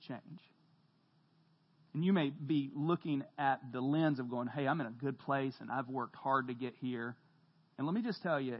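A man preaching a sermon to a congregation as pastor, telling stories with humor and lively emphasis. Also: medium pitch, breathy edge, lo-fi sound. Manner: animated storytelling, jokes with the congregation, shouts when quoting. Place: church hall.

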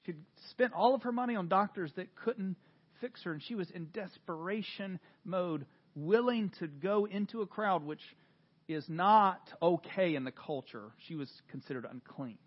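A man preaching a sermon, retelling scripture with dramatic swings from hushed to loud, animated storytelling. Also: fairly high pitch, breathy edge, highs cut off. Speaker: pastor.

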